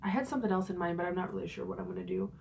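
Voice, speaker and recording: A woman's voice: lowish voice, huge pitch swings, racing, vocal fry, a little mellow. A young woman in her twenties telling a story in a casual vlog, chatty and frank, with lots of fillers and swearing. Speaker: vlogger.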